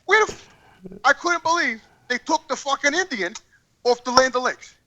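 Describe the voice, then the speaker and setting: A man's voice: very high-pitched, expressive, normal speed, sharp tone, rough recording. A man ranting in casual chat on a podcast call, profane, rambling and heated. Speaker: regular podcast guest. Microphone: video call.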